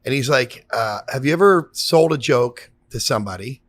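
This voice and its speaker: A man's voice: mid-range voice, expressive, moderate pace, no room sound. A man hosting a podcast, chatting eagerly with a comedian guest and laughing along. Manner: eager, laughing, affectionate interjections. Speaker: podcast host. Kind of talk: casual podcast interview.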